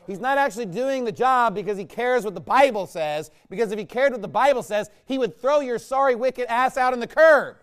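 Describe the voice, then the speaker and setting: A man preaching a combative, mocking sermon, swinging between low muttering asides and loud outbursts. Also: lively intonation, fairly quick, hardly any pauses, clean tone. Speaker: pastor. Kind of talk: fiery sermon rant.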